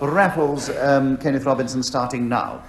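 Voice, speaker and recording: A man chairing a comedy panel game in a genial, wry, gently teasing way, on a 1970s radio recording. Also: mid-range voice, fairly even intonation, normal speed, a crowd in the background. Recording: roomy 1970s radio studio with audience. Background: studio audience laughing.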